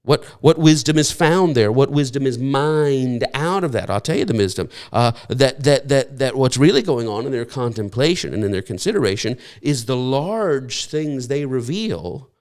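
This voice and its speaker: A man's voice: mid-range voice, darkish tone, clean tone. A middle-aged man preaching a sermon in an earnest, repetitive way, often stammering and restarting his phrases. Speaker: pastor.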